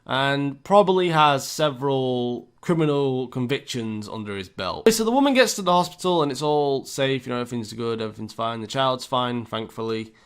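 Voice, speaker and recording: A man's voice: medium pitch, lively intonation, normal speed, few pauses, clear, resonant tone. A young British man telling a story in a casual, chatty way, speaking to his viewers with asides. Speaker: storytime YouTuber.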